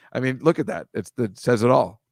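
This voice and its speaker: A man hosts a loose chat over a video call, talking through slides in a rambling, wry way. He mocks what he shows and swears freely. His voice is mid-pitched and the sound is dry, with no room echo. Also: creaky, darkish tone. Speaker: host.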